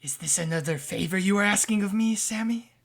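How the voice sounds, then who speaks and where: A man voicing an ominous spirit that speaks slowly and half-whispers inside a character's head in a tabletop game. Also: high-pitched, gravelly, full character voice. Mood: bargaining. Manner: slow, hushed, half-whispered bargaining.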